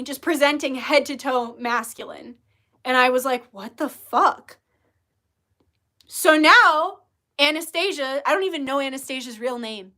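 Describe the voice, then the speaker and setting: A woman's voice: high voice, pushed and bright. A woman hosting a spiritual livestream, telling a story in a blunt, profane, heated casual monologue. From Native American.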